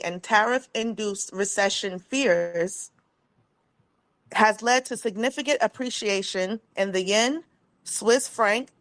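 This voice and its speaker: A woman co-hosting a podcast, reading news articles aloud in a steady way. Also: medium pitch, poor audio. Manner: cheerful greeting, then steady reading aloud.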